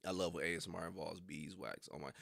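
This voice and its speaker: A man's voice: deep voice, fairly even intonation, fast, creaky, a bit bright, no echo, studio quality. A young man rambling casually on a livestream, full of slang and frequent laughter. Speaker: reaction streamer.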